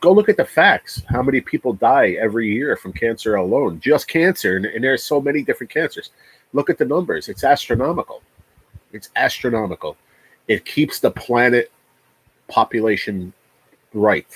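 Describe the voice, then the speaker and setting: A man's voice: on the low side, slightly rough, dry recording, rough recording. A man in his forties hosting a casual livestream chat, talking in an emphatic, profane rant and often repeating himself. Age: 40s. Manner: repeats words. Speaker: livestream host.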